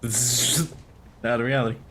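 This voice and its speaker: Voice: medium pitch, flat delivery, takes it slowly, noisy background. A game master narrating a tabletop game, often breaking into laughter.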